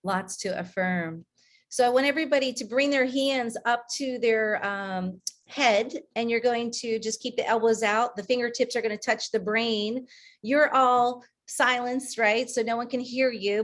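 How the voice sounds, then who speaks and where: Calm woman guiding breathing over a call. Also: a little high. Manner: slow, calm counting of breaths with pauses. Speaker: breathwork and meditation coach. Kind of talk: guided breathing and meditation session. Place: online video call.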